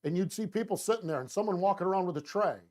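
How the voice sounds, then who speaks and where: Excited rambling male show host. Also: high voice, racing. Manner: enthusiastic, rambling, with frequent restarts and lively quoted voices. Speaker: host of a racing talk show. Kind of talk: casual storytelling monologue.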